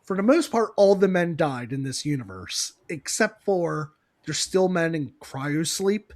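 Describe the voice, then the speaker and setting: High-voiced giggly podcast guy. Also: expressive, a little slow. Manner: rambling, giggly, laughs often mid-sentence. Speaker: podcast co-host. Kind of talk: casual comic-book recap chat.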